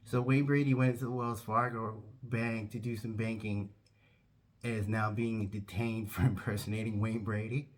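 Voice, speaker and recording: A man telling a comic anecdote who acts out every voice in an animated way. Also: on the low side, moderate pace. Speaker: comedic storyteller.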